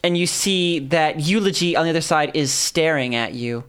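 A man's voice: on the high side, moderate pace, fairly bright tone, smooth. A man running a tabletop game as game master, narrating the action in a loose, rambling way with many fillers.

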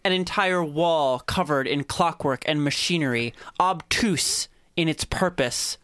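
A game master narrating a tabletop game and calling for rolls, with drawn-out, descriptive narration. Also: medium pitch, a bit bright, no echo.

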